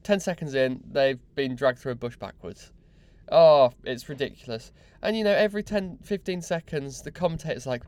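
A man's voice: on the high side, lively intonation, moderate pace, darkish tone, no room sound. A young man hosting a podcast, mocking and exasperated in a sweary comic rant. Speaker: podcast host.

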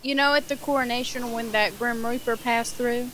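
A woman's voice: a little high, steady tone, moderate pace, background noise. A young woman co-hosting a podcast, joking brashly and swearing freely in casual chat. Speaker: podcast co-host.

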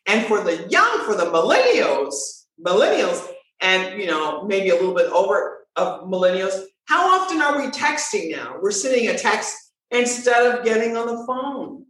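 A woman voice coach talking in a lively conversational way, with expressive, swooping emphasis. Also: medium pitch, normal speed. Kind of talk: animated conversational talk. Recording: very echoey room.

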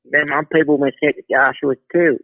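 A man's voice: fairly high pitch, level tone, fairly quick, no room sound. A man calling in to a talk show, rambling and repeating himself. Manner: rambling, repeats words, drawling. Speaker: caller. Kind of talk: casual call-in banter. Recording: tinny phone line.

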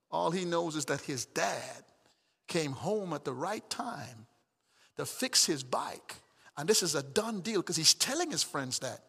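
A middle-aged pastor preaching a sermon, swinging from shouted emphatic calls to soft, chuckling storytelling. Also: male voice, sits high, lively intonation, moderate pace, vocal fry, husky, long reverb tail.

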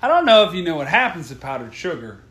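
A man's voice: on the high side, big pitch swings, quick pace, a bit bright. A man in casual chat as a podcast co-host, teasing and quippy, often laughing. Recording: roomy room with faint background noise.

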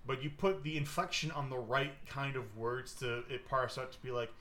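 A man's voice: medium pitch, steady tone, moderate pace, sharp tone. A man narrating a tabletop game as game master, rambling with many fillers. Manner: rambling, filler-heavy narration with bursts of silly voices.

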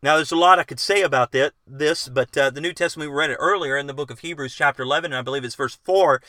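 Speaking fast in a bright, forceful voice on the high side, a middle-aged man teaches a bible lesson. He reads passages aloud, then unpacks them with sincere questions for his audience, recorded dry in clean studio sound.

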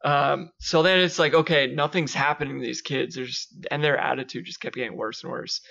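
A man's voice: mid-range voice, fairly even intonation, brisk, vocal fry, pushed and bright. A young man in his twenties co-hosting a casual podcast, telling stories with lots of swearing and acting out quotes in a raised voice. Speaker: podcast co-host. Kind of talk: casual storytelling chat. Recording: dull lo-fi podcast audio.

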